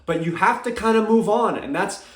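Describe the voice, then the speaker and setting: A man talks through his fight opinions in an emphatic, casual way, tossing in "all right?" and "okay?" again and again. His voice sits somewhat high for a man. The sound has a noticeable echo, as if recorded in a bare room. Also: moderate pace. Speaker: MMA commentator.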